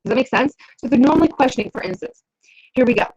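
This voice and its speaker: A woman's voice: high-pitched, lively intonation, fast talker, a little mellow, breathy edge. A woman business coach giving an instructional talk to camera, conversational and keeps checking in with the listener. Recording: dull lo-fi recording.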